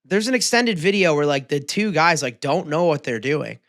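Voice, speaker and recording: A podcast co-host telling a story in casual chat, acting out the people in it with loud bursts. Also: medium pitch, normal speed, no echo, studio quality. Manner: animated storyteller, acting out quotes loudly.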